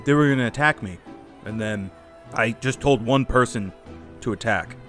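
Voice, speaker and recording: A man's voice: mid-range voice, moderate pace, a bit bright, soft background music. A man playing a tabletop game, cracking crude joking asides. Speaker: player. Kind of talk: tabletop role-play banter.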